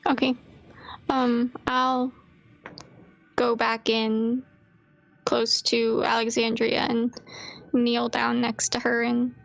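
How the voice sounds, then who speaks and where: A woman player in a tabletop role-play, speaking softly and hesitantly with frequent ums and restarts. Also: fairly high pitch, completely flat delivery, slow, vocal fry, long pauses.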